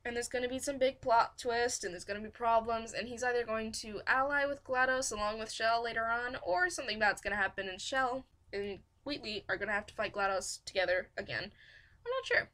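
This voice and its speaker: Bright, chatty young-sounding woman host. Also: on the high side, brisk, few pauses. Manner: chatty, rambling, self-deprecating. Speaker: fanfiction audiobook reader and host. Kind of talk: casual live-stream commentary.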